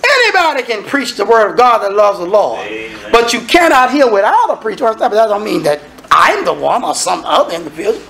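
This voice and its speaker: A man preaching a sermon as minister, acting out dialogue and sometimes shouting. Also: high voice, big pitch swings, brisk, few pauses.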